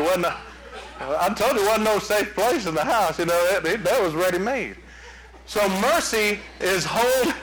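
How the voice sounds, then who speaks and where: A man preaching a sermon, telling folksy stories in an animated way. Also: high-pitched, poor audio. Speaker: pastor.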